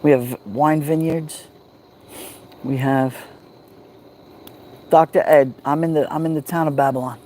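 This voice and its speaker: Easygoing New York man, slightly high voice, chatting to viewers on a phone by a night fire. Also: measured pace, long pauses, a little hiss or hum. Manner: greets viewers by name, calm and easygoing. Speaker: livestream host. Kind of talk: relaxed livestream chat. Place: outdoors at a backyard fire pit at night. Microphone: phone held near the fire.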